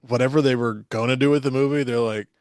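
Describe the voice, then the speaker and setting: A man's voice: mid-range voice, steady tone, fast, darkish tone, smooth, no room sound, studio quality. A man co-hosting a podcast in loose, joking casual chat, laughing often as he talks. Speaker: podcast co-host.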